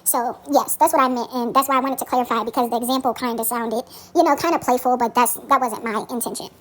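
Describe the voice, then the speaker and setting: High-voiced woman casually walking you through a spell, lots of ums, swears now and then. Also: fast talker, rough recording. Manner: relaxed, frequent ums, occasional swearing. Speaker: spiritual practitioner teaching a spell. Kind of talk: casual spoken tutorial.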